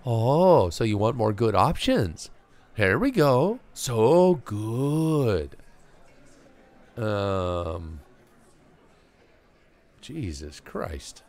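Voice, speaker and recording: Gravelly low-voiced man muttering through a game. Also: very animated, drawn-out words, pauses often, darkish tone. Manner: muttering, self-talking, wry. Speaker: gamer streaming a playthrough. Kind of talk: casual let's-play commentary.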